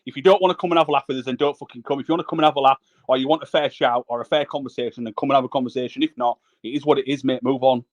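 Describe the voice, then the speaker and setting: A man's voice: medium pitch, fairly even intonation, racing, few pauses, muffled recording. A man on a livestream panel, blunt and sweary, repeating himself insistently. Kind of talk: heated livestream panel chat.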